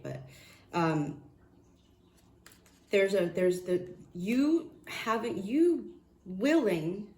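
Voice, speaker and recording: A woman giving a casual tarot reading, excitable and profane, often restarting her sentences. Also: on the low side, roomy sound, slight background noise. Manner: excitable, swears, laughs, trails off and restarts. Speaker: tarot reader.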